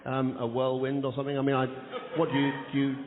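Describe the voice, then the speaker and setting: A man's voice: mid-range voice, completely flat delivery. A man from the south of England hosting a live comedy chat show, firing off puns and joking with the audience. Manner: rapid-fire punning, playful, shouts to the crowd. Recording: echoey hall on a tinny, noisy radio recording.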